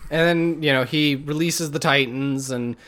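A man's voice: a little high, unhurried, a bit bright. A man co-hosting a casual gaming podcast, recapping a game's plot with profane, sarcastic jokes. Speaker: podcast co-host.

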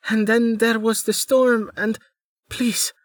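A man's voice: very high voice, flat delivery, slow, dry recording, clean studio sound, pitched above the performer's own voice. A man voicing a bedraggled young woman who fakes injury and pleads for help in a breathless, faltering way. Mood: desperate pleading.

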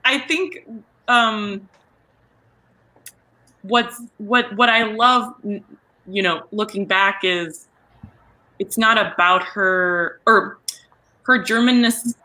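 A woman's voice: mid-range voice, slow, pauses often, bright, forceful tone. A woman talking about playing a role in a casual panel chat, hunting for words with many fillers and restarts. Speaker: voice actor guest.

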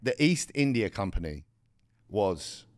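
A man's voice: lowish voice, big pitch swings, slow, no echo, clean studio sound. A young man co-hosting a podcast in casual chat, blunt and slangy, explaining things at length. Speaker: podcast co-host.

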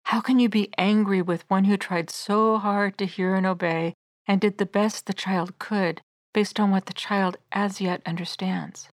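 A middle-aged woman narrating her own devotional book in a gentle, measured, earnest reading. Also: medium pitch, fairly even intonation, no echo, clean studio sound.

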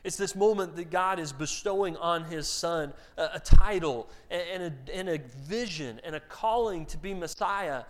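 Guy giving a sermon, kinda high voice, chatty, stumbles into sentences with repeats, acts out the quotes. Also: moderate pace, few pauses. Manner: conversational, repeats words when starting sentences. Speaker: pastor.

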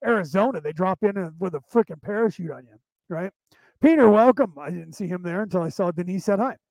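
A man's voice: sits high, fast, vocal fry, a little mellow, no room sound, poor audio. A male show host chatting casually and telling long, anecdotal stories, often restarting his sentences as he goes. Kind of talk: casual rambling storytelling.

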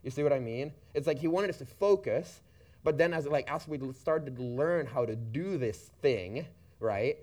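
A man's voice: mid-range voice, normal speed, darkish tone. A man telling a personal story in a church talk, casual and checking in with listeners often. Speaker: church speaker. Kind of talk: shared sermon talk.

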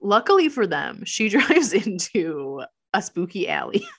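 A woman's voice: medium pitch, big pitch swings, measured pace, fairly bright tone, slightly rough. A woman in casual chat, animatedly retelling a movie plot and acting out quotes. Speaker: podcast co-host recapping a movie.

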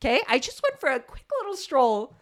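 A woman, co-hosting a podcast and telling a story in a lively, swearing, casual way, acting out the people she quotes. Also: sits high, a little fast. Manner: animated, swears, acts out quoted voices. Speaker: podcast co-host.

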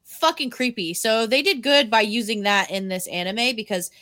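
An anime recap unfolds as a woman co-hosting a podcast chats at a moderate pace in a fairly high voice. Her storytelling is animated, with acted-out quotes and plenty of swearing.

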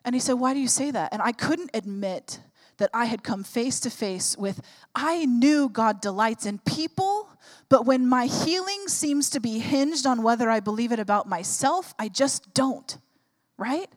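A woman's voice: a little high, expressive, a little slow. A woman in her thirties, a pastor preaching a sermon, telling a personal story and building to fervent exhortation.

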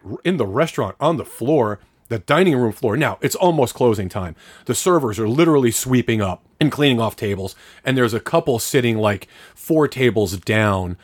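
A man's voice: medium pitch, normal speed, few pauses, no echo. A man co-hosting a podcast, telling a long story in casual chat. He swears freely and acts out what people said. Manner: profane, animated storyteller acting out quotes.

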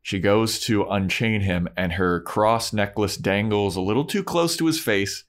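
In this casual podcast chat, a man goes back over a TV episode, animatedly performing the scenes in quoted voices. His pitch sits fairly low and his delivery is a little slow.

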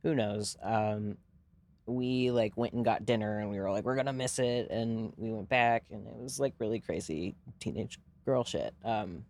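A man's voice: on the low side, moderate pace, a little mellow, slight background noise. Young man telling a rambling story. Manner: rambling, profane, lots of fillers. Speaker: podcast co-host. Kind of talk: casual storytelling chat.

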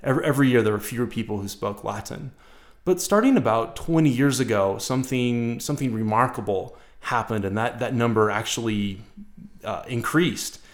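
A man who is a Latin professor, answering interview questions in a casual, halting way, often repeating words and restarting. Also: medium pitch.

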